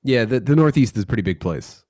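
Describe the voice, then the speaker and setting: A man's voice: mid-range voice, lively intonation, fast, dark tone, no room sound, studio quality. A man from Philadelphia, a podcast guest, talking in loose rambling chat with lots of swearing and fillers.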